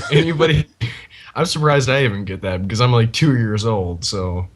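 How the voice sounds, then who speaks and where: A man's voice: medium pitch, normal speed. A young man co-hosting a gaming podcast, joking and teasing the others. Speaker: podcast co-host. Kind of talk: casual gaming chat.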